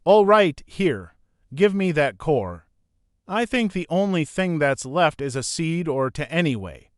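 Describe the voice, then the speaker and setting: A man's voice: fairly high pitch, very animated, a little slow, dry recording, clean studio sound. A man voicing a kindly older man, a joking grandfather who teases easily. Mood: teasing. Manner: joking, easygoing teasing. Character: teasing older man, kind grandfather driver.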